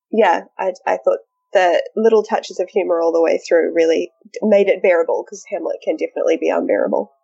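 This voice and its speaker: A woman's voice: lowish voice, vocal fry, dark tone, breathy edge, highs cut off. A woman on a podcast panel, chatting casually, rambling and laughing as she talks. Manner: giggly, rambling with fillers. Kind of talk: casual discussion.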